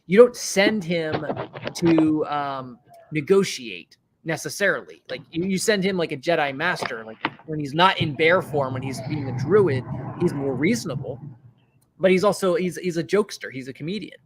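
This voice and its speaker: A man's voice: a little high, normal speed, noisy background. A man streaming, talking casually and rambling about his tabletop character, swearing now and then. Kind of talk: casual chat.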